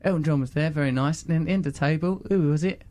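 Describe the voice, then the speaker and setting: A man hosting a podcast, telling lively, sweary anecdotes in casual chat. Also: a little high, very fast. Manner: lively anecdotal storytelling, mock voices, sweary. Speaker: podcast host.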